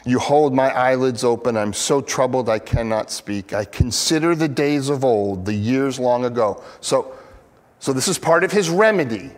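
A man preaching an earnest, expressive sermon, acting out the pleas he quotes. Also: medium pitch, normal speed, in a large hall. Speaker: pastor.

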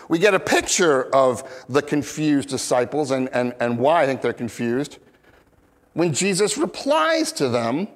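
A man preaching a conversational expository sermon, who acts out quoted lines in bigger voices and often restarts his sentences. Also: long reverb tail. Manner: animated, acts out quoted lines with big pitch jumps. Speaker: pastor.

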